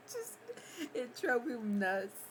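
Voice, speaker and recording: Slow-talking giggly woman streamer. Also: on the high side, very animated, a little hiss or hum. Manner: laughs often, giggly, rambling. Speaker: livestreamer. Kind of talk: casual storytelling chat.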